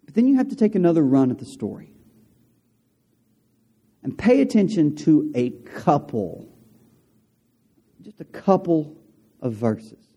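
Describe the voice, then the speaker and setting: Speaking to a congregation, this pastor's slightly high voice carries a sermon story told animatedly and conversationally. He throws in asides for the people listening.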